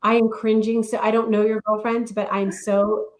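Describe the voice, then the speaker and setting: Measured, matter-of-fact middle-aged woman. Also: fairly high pitch, little pitch movement. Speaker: podcast co-host and novelist. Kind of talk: casual chat.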